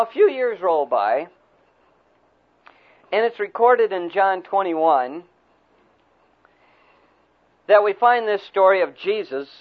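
A male preacher retells a story in a folksy, animated way. His voice is high for a man. The recording is thin and tinny, like a phone line. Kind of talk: sermon with storytelling.

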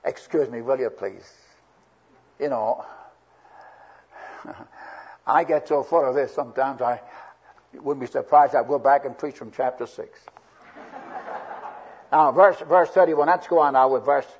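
A man's voice: mid-range voice, a little slow, long pauses, breathy edge. A man preaching a sermon verse by verse, earnest and swelling with emphasis on key words. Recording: dull lo-fi old recording.

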